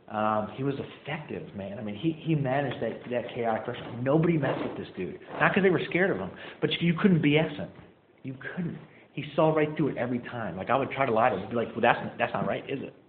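A man's voice: medium pitch, expressive, a little fast, slight background noise. A man telling his recovery story to a live audience in a casual, self-mocking way, full of fillers and acted-out quotes. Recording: tinny, echoey hall recording.

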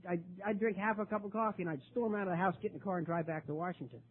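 An older man telling his own recovery story at a meeting, halting and repeating words, his voice rising when he gets worked up. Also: sits high, steady tone, a little hiss or hum. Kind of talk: personal testimony talk. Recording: tinny phone-like recording.

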